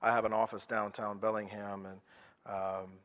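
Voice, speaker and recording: A man's voice: fairly low pitch, level tone, normal speed, a bit bright. A man preaching a sermon as pastor, emphatic and full of rhetorical questions, often restarting his phrases.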